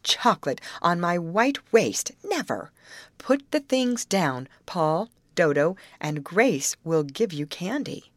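A woman's voice: lowish voice, sing-song, slow pace, hardly any pauses, no echo, full character voice. A woman reading an audiobook, voicing a fussy teenage girl who scolds her little siblings in a raised, wailing voice. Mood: scolding. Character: fussy teenage girl, flustered big sister.

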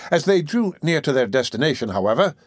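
A man reading a classic novel aloud in a measured, formal storytelling manner. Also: a little high, sing-song, dry recording, clean studio sound. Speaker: narrator. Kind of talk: scripted narration of a classic novel.

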